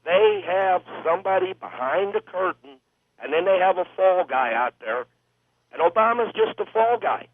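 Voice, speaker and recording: A man's voice: sits high, expressive, normal speed, no room sound. A man from Illinois calling into a talk radio show, talking bluntly with hesitant fillers. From Illinois, USA. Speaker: caller. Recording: tinny phone line.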